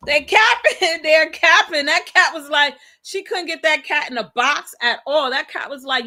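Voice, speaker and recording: Woman co-host, high bright voice, casual slangy recap chat. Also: measured pace. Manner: animated, laughing, slangy retelling.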